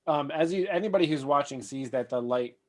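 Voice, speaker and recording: A man running a tabletop role-playing game as game master, narrating scenes in a relaxed way with fillers and frequent laughs. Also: a little high, fairly quick. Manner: relaxed, laughs often, thinks aloud with fillers.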